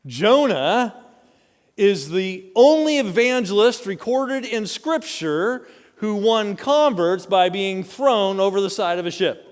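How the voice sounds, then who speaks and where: High-voiced preacher in a reverberant hall. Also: male voice, slow. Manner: animated storytelling preacher, asks the congregation questions. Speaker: pastor. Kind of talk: sermon. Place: church sanctuary. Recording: long church hall reverb.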